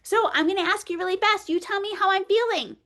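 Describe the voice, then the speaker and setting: A woman presenting an early childhood workshop, playful and animated, talking straight to the group like a teacher. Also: extremely high pitch, quick pace.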